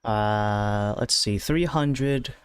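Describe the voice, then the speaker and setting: A man running a tabletop game as game master, narrating in a relaxed, rambling way with many fillers. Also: lowish voice, extremely slow, clear, resonant tone, no room sound.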